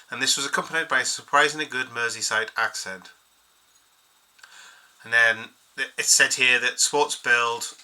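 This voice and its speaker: A man with a very bright voice rambles through a fan-channel chat. He reads pieces of an article aloud and breaks off to comment. His pitch sits in the middle. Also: poor audio. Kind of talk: casual solo commentary.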